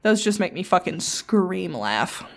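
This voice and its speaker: A woman's voice: fairly low pitch, sing-song, creaky. Chatty woman podcast co-host. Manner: chatty storyteller, swears freely, quick asides. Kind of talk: casual podcast chat.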